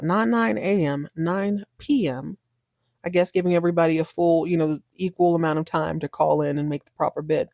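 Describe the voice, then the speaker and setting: A woman's voice: fairly low pitch, warm tone, no room sound, clean studio sound. A woman hosting a podcast, giving a casual, candid and slangy recap of a TV episode. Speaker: podcast host.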